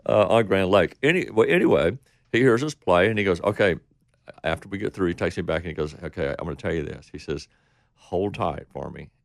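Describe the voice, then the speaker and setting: A Texan country singer with a low, creaky voice tells rambling stories in an interview, speaking briskly with lively intonation. He acts out what people said along the way, and the recording is dry.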